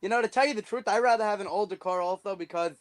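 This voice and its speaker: A man's voice: high voice, rapid-fire. A teenage boy with a New York accent, chatting casually and easygoing as a guest. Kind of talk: casual chat.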